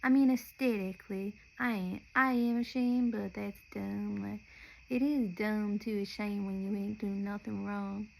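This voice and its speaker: A woman's voice: medium pitch, steady tone, measured pace, gravelly, a little hiss or hum, rough recording. A young woman from Nashville, talking in a rambling, chatty podcast monologue that often breaks off and restarts mid-sentence. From Nashville, Tennessee. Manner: chatty, meandering, self-interrupting. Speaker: podcast host.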